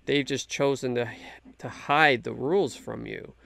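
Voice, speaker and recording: A gravelly, slightly bright voice of medium pitch belongs to a man discussing his faith as a Christian guest, with no echo in the recording. His pace is measured, his tone earnest and emphatic, and he restarts often in this casual conversation.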